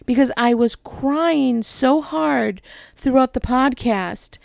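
A woman's voice: sits high, slow, vocal fry, darkish tone, no echo, clean studio sound. A middle-aged woman who leads a ministry, talking candidly and emotionally, laughing often and rambling with "right?" tags. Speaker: ministry leader. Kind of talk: candid personal talk.

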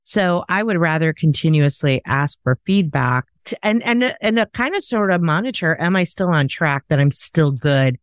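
A woman's voice: sits low, lively intonation, normal speed, few pauses, no echo. A woman hosting a podcast in casual conversation, talking in an emphatic, coaching way. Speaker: podcast host.

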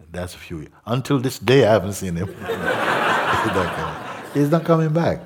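A man's voice: low voice, very animated. A man giving a spiritual talk to a gathering, reflective, often adding "no?" and "hmm?". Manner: slow, reflective, tag questions like "no?" and "hmm?". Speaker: spiritual teacher. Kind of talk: satsang talk.

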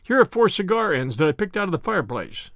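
A man's voice: high voice, big pitch swings, quick pace, a bit bright, no room sound, clean studio sound, full character voice. A man voicing a hearty, blustering male police inspector who speaks emphatically. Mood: reporting.

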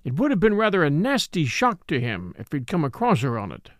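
A gruff older millionaire growls bluntly and savagely, lower than the reader's usual voice, as a male narrator puts him on. The reading sounds close and dry. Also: huge pitch swings, brisk, no echo. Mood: grim. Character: blunt angry older American millionaire man.

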